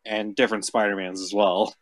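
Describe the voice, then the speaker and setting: A man's voice: on the low side, level tone, brisk. A man chatting casually about comic heroes on a podcast, rambling with lots of fillers and swearing. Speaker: podcast host. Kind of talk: casual chat.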